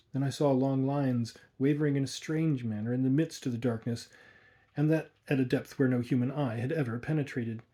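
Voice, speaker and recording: Husky guy reading an old horror story, slow dramatic narration. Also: mid-range voice, mellow. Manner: measured, dramatic first-person narration.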